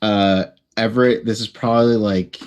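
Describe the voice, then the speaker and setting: A man playing a tabletop game, narrating his character's actions in a halting way with many pauses and fillers. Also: on the low side, steady tone, smooth.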